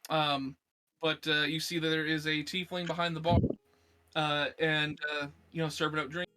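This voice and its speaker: A man's voice: a little high, little pitch movement, normal speed, music in the background. A man narrating a tabletop game as game master, rambling with fillers and restarts.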